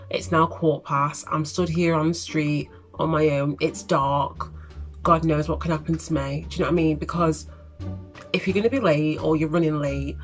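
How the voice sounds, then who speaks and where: A young woman telling a storytime vlog in a chatty, exasperated way. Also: deep voice. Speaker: vlogger.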